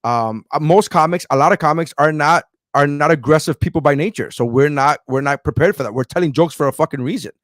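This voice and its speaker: A man's voice: a little high, fast talker, few pauses, dry recording. Blunt male comedian, dry close sound. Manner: blunt, profane, opinionated. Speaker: comedian and podcast co-host. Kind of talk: casual chat.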